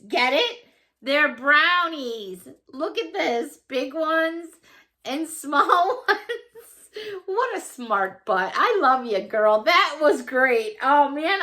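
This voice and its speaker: A woman's voice: high voice, lively intonation, slow pace, bright, forceful tone. A woman from Chicago chatting casually as a vlogger, gushing and laughing often as she goes through her mail. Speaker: vlogger opening fan mail. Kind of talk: casual chat.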